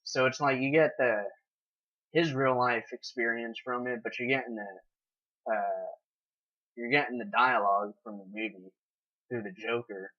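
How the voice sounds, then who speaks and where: A man co-hosting a casual chat about films, easygoing and quick to agree. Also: mid-range voice, steady tone. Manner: easygoing, agrees a lot, drawn-out phrasing. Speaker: podcast co-host. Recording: dull lo-fi sound.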